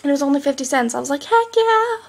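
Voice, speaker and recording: A woman's voice: sits high, flat delivery, rapid-fire, vocal fry, a little mellow. A seventeen-year-old girl vlogging at home on a laptop mic, bubbly and rambling, full of "like". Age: teen. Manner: bubbly, chatty, rambling with lots of "like". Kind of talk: casual vlog chat.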